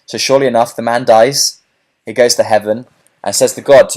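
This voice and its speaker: A man giving a webinar sales pitch as a business coach, pushing viewers to take action and often saying "okay" and "look". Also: fairly even intonation, a little fast, a little mellow. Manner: pushy, repeats "okay" and "look".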